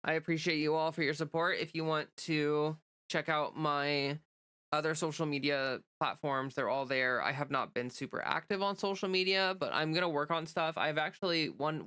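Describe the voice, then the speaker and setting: A woman hosts a casual livestream, with a bright and crisp voice. She rambles through fillers and restarts, greets viewers and reads out their comments. The room sound is dry and close. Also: low voice, no echo. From United States. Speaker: livestream host.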